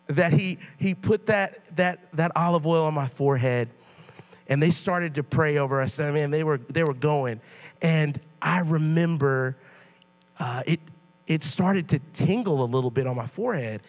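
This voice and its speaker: A young man, a youth pastor, preaching a sermon in church as a casual, animated story with loose slang. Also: high voice.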